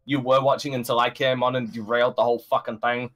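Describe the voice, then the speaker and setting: A man's voice: mid-range voice, level tone, fast talker, fairly bright tone. Crude, joking man on a stream call. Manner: crude, joking, stumbling restarts. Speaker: stream guest. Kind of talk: casual livestream chat.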